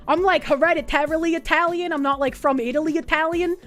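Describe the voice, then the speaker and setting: High-voiced profane woman streamer. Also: brisk, hardly any pauses, fairly bright tone, faint music behind. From United States. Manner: rambling, profane, laughs often. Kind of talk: casual stream chat reading an article.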